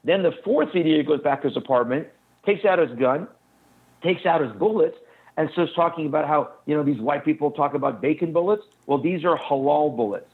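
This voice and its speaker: Fast-talking man on a tinny phone line. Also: fairly high pitch, breathy edge. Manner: fast, urgent storytelling. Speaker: guest recounting an incident. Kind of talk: phone-in interview account. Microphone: telephone.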